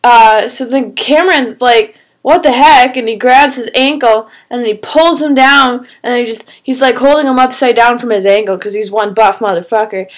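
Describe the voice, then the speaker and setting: A woman's voice: a little high, steady tone, normal speed, hardly any pauses. Rambling, swearing woman telling a story. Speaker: vlogger telling a made-up story. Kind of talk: casual storytelling.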